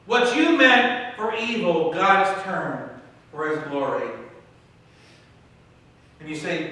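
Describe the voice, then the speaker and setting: A man's voice: a little high, animated, slow pace, pauses often, bright, forceful tone, recorded from a distance. A male pastor preaching a sermon in a church, telling the story dramatically and acting out its scenes. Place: church sanctuary. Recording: echoey church hall, mic from afar.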